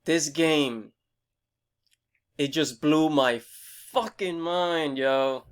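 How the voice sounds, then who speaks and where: Excitable, rambling young man reviewing a game. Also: on the high side, very slow, long pauses, smooth. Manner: excitable, rambling, swears freely, many fillers and restarts. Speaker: gaming video host. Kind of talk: casual game review vlog.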